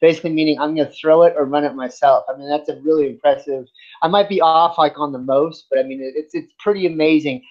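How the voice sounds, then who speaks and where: A man's voice: on the high side, steady tone, fast. Male sports podcast co-host, rambling casual debater, muffled lo-fi audio. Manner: long rambling points with restarts. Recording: dull lo-fi sound.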